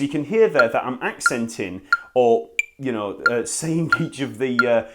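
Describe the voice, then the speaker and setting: A man gives an online bass lesson in a friendly, explanatory way. His pitch moves around a lot as he talks. He counts beats aloud to show the rhythm. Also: expressive, measured pace, noisy background. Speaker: bass teacher.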